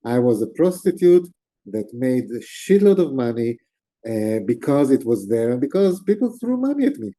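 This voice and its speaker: A middle-aged man, an interview guest, telling stories in a relaxed, animated conversational way. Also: medium pitch, moderate pace. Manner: animated, gestures with hands while talking. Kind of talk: storytelling in conversation.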